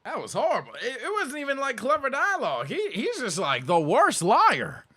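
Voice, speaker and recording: Excitable man with a high, lively voice. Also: moderate pace, slightly rough, no room sound. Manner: excitable, profane, talks to the screen. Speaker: anime reaction streamer. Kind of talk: casual reaction commentary.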